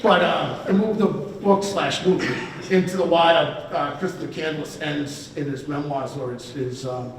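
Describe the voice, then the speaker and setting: Captured from a distance in an echoing banquet hall, a fifty-something man delivers a meandering, self-mocking hall of fame acceptance speech over dinner. His voice runs on the high side and unhurried, and there's a faint hiss or hum.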